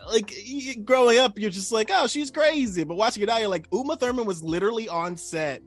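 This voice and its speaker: Excitable young guy, slightly high voice. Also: fast talker, soft background music. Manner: excitable, laughs a lot, says "bro" and "dude". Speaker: podcast co-host. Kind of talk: casual film chat.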